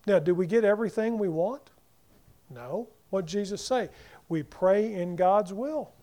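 High-voiced male preacher with a mellow tone. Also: animated, a little slow. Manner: preaching with shifts between loud emphasis and near-whisper. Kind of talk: sermon.

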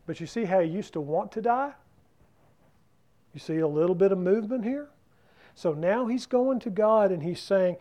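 A man leads a Bible study, his voice pitched high but dark and mellow in tone. He talks in a loose, conversational way and keeps putting questions to his listeners. The setting is a church class room. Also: normal speed, pauses often, highs cut off. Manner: keeps asking the group questions.

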